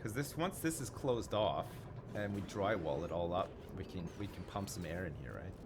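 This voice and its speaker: A man's voice: low-pitched, expressive, normal speed, background noise. A man streaming a video game, rambling and thinking aloud in casual commentary, swearing now and then.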